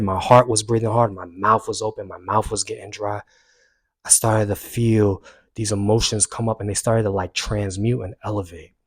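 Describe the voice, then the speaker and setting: A young man earnestly recounting a personal story to camera, rising with emphasis and dropping quiet when he reflects. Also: lowish voice, no room sound. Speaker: self-help vlogger.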